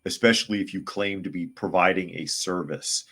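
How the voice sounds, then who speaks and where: A man with a very low voice hosts a live podcast. He reads viewers' comments and answers them bluntly, with a sarcastic edge and a plain-spoken, opinionated delivery. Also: normal speed, hardly any pauses, bright, forceful tone. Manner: blunt, sarcastic, mocks others in put-on voices. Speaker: podcast host reading chat comments.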